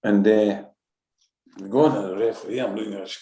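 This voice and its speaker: Gravelly Scottish man telling stories. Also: on the low side, fairly quick. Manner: lively anecdotal, acts out quotes, swears. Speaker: former football manager. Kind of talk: animated storytelling interview. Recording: roomy echo.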